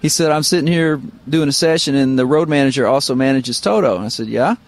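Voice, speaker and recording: A middle-aged man from Missouri, a guitarist guest, telling relaxed, rambling stories full of fillers in an interview. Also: medium pitch, quick pace. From Missouri, United States. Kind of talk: casual interview storytelling. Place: radio studio.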